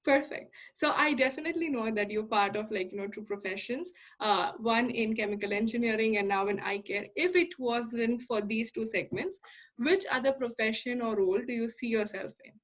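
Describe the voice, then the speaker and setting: A woman's voice: fairly high pitch, moderate pace. Upbeat woman hosting an interview. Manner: upbeat, encouraging, many you-knows. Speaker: podcast host.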